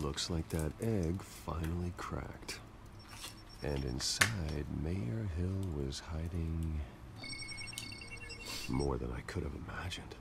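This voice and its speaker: An actor playing a grim, haunted masked vigilante in a video game, speaking low and tersely. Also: male voice, creaky, very noisy, exaggerated voice.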